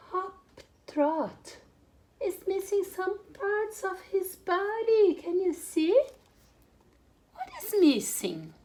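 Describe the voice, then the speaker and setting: A young woman teaching English to small children online in a slow, sing-song, animated way. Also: extremely high pitch. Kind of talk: online kids' English lesson.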